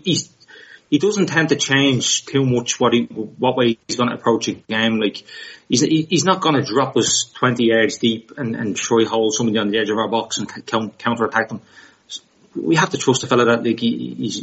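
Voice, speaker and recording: A man co-hosting a casual football chat, talking things through in a measured, reasoning way. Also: mid-range voice. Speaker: podcast co-host. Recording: slightly muffled sound.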